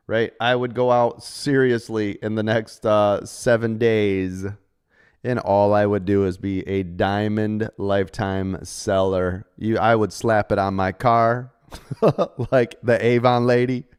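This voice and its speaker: Middle-aged guy coaching traders live, smooth clear voice, chatty and kinda salesy, lots of "right?". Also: on the low side. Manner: chatty, salesy, jokey with frequent rhetorical "right?". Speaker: trading coach hosting a live stream. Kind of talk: casual live-stream talk to members.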